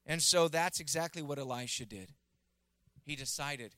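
A man's voice: mid-range voice, steady tone, a little fast, fairly bright tone, clear, resonant tone, no echo. A man in his thirties preaching a sermon as pastor, telling personal stories and closing in prayer, with earnest rising emphasis.

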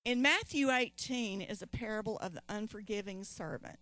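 A woman's voice: medium pitch, normal speed, fairly bright tone, no room sound. A woman preaching a sermon, emphatic and repeating key phrases, calling on the congregation to respond.

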